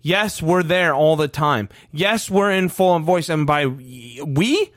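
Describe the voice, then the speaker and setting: A fired-up man hosting a sports podcast, ranting with hard emphasis and frequent swearing. His voice sits high and swings widely. The sound is dry and close. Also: expressive, slow, fairly bright tone, dry recording. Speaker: podcast host. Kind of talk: heated sports podcast talk.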